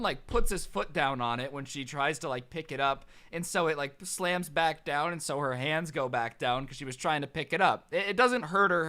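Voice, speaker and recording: A young man telling a comedic story on his vlog in a sarcastic, animated way. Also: a little high. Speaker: storytime vlogger.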